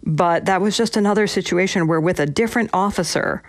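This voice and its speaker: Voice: mid-range voice, fairly quick, no room sound. A former police officer as a guest, recalling patrol stories in a reflective way with frequent restarts. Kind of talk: interview storytelling.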